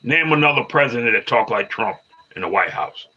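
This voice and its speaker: Man, fifties, live-stream host; bright, forceful tone; loops phrases, answers chat combatively; dull lo-fi sound. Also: mid-range voice, expressive, brisk, slightly rough. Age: 50s. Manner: repetitive, restarts phrases, argues back at commenters. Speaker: livestreamer.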